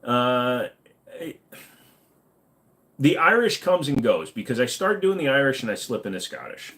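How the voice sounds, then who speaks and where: A man hosting a livestream, answering chat in a casual, blunt manner. He swears freely and slips into rants. His voice sits at an ordinary middle pitch. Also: big pitch swings, a little slow, a bit bright. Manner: blunt, profane, ranting. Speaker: livestream host reading chat.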